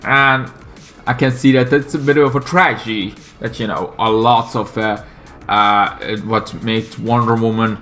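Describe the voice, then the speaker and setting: A man's voice: on the low side, soft background music. A man from Belgium with a Flemish Dutch accent and Flemish Dutch as his first language. He gives casual, rambling commentary on comics, swearing freely and stumbling over fillers. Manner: profane, excitable, halting with many fillers.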